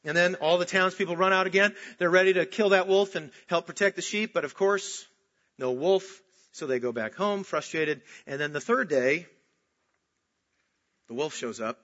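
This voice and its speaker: A man preaching a sermon, emphatic, swinging from loud outbursts to slow, hushed stresses. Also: sits high. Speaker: pastor. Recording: dull lo-fi recording.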